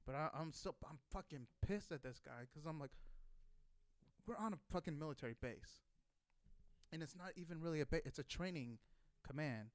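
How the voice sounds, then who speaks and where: A man's voice: on the high side, expressive, normal speed, no room sound. A man in his thirties, a former Marine, telling a casual, profane story and acting out heated quotes. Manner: swears constantly, acts out shouted quotes.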